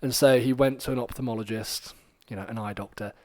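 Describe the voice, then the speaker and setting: A man hosting a podcast, telling a story in a rambling, animated way with lots of fillers. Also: medium pitch, fast talker, dry recording. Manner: rambling and animated, many fillers, acts out quoted lines. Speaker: podcast host.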